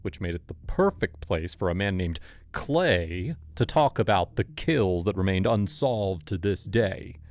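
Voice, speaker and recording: A man narrating a scripted true-crime story in a measured, explanatory way. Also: low voice, animated, darkish tone.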